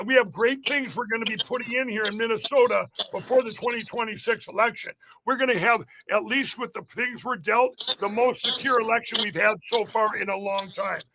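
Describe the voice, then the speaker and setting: A political candidate giving an emphatic, repetitive rally-style interview on a podcast. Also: male voice, sits high, steady tone, brisk, hardly any pauses, noisy background.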